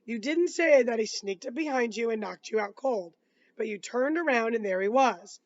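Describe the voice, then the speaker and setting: A man reading aloud, voicing a calm, patient lawyer cross-examining a witness in measured questions. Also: extremely high pitch, highs cut off. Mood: probing.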